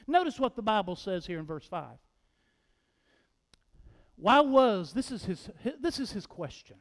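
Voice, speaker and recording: A male pastor with a very high voice preaches slowly and with emphasis, speaking straight to his congregation. The long reverb of a large church hall trails after his words. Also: sing-song, a bit bright. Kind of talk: sermon.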